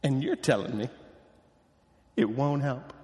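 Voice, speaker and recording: A man preaching a sermon as pastor, animated and acting out the people he quotes. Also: medium pitch, a little slow, long reverb tail. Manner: animated, acts out quoted voices.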